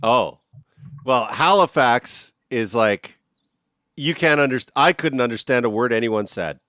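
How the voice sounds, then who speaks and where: A man hosting a casual podcast, joking and animated as he talks with his guests. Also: mid-range voice, dry recording, clean studio sound. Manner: joking, animated, quick to laugh. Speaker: podcast host.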